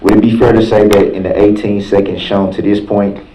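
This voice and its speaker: A man questioning a witness in a courtroom, with halting, repetitive phrasing and frequent restarts. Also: lowish voice, flat delivery, warm tone. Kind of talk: courtroom cross-examination. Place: large courtroom. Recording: echoey courtroom, dull lo-fi sound.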